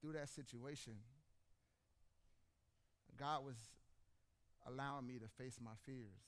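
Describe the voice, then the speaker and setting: A man's voice: mid-range voice, slow pace. A man, telling stories and addressing the congregation directly. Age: 40s. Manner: animated storytelling, addresses audience directly. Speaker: preacher. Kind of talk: conversational sermon.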